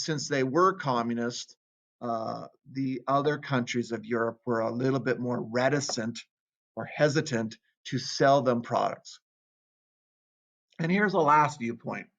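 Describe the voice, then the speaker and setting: In a casual classroom history lecture, a man reads quotes aloud and then comments on them. He has a creaky mid-range voice at normal speed, captured in a dull lo-fi recording.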